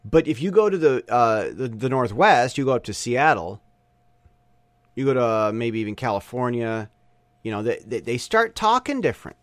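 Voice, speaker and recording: A man's voice: medium pitch, sing-song, normal speed, no room sound. A man with a Michigan accent, a podcast host giving an opinionated, rambling monologue with many restarts. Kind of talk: casual monologue.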